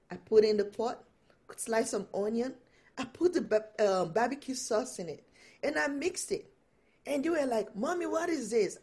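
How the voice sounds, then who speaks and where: A woman guest and empowerment coach, telling personal stories with animated delivery and frequent laughter. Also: medium pitch. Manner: animated storytelling, laughs often. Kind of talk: storytelling in an interview.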